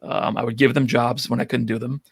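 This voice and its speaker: New york guy, husky voice, dry close sound, chatty podcast guest. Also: medium pitch, level tone, fairly quick, dry recording. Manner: friendly, open and reflective. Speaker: podcast guest, rental business owner. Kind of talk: casual interview chat.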